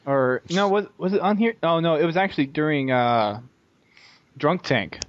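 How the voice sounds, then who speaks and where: A man's voice: on the high side, lively intonation, moderate pace. A man hosting a gaming podcast, chatty and laughing between remarks. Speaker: podcast host. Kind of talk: casual chat. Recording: dry, dull lo-fi audio.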